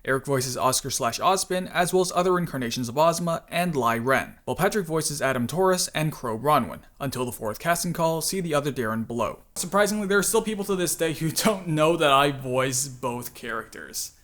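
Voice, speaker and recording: A man's voice: fairly high pitch, expressive, brisk, few pauses, fairly bright tone. A man hosting a casual video commentary, chatty and self-deprecating, with frequent laughs and filler words. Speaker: channel host and voice actor.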